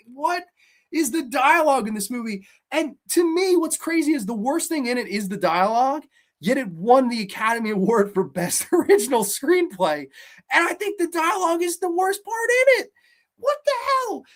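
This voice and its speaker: A man hosting a horror show, ranting in a casual, profane, sarcastic way, swinging between loud outbursts and low muttering. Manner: mocks characters in silly voices. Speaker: horror podcast host. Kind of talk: casual ranting movie review.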